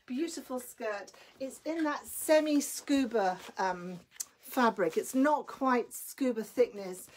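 Selling clothes over a live stream, a woman with a fairly high voice chats excitedly and a bit breathlessly, greeting each viewer by name. Slight background noise can be heard.

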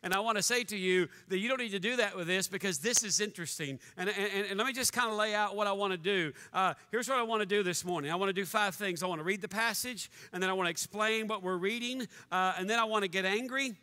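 A male pastor with a high, bright voice delivers a joking, conversational sermon. His words ring out with a long reverb through the church hall. He talks straight to the congregation, often with a wry aside. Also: fast talker, few pauses. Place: church sanctuary.

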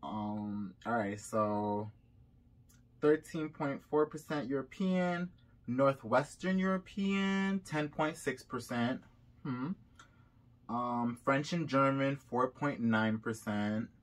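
A man's voice: medium pitch, takes it slowly. A young Haitian-American man vlogging casually, reading results aloud with chatty asides while a bit sick. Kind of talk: casual vlog reaction.

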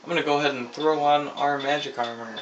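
A man's voice: on the high side, steady tone, fast talker, lo-fi sound, noisy background. Swearing, frustrated gamer man. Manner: frustrated, swears constantly, yells at the game. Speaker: gaming commentator. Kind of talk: let's play commentary. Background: video game music and horse neighs.

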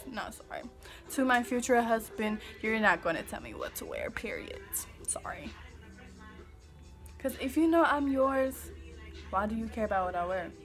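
A woman's voice: mid-range voice, fairly bright tone. A young woman from Kansas City, Missouri, vlogging casually to the camera in a sassy, goofy, emphatic way, swearing freely. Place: home. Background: faint music playing.

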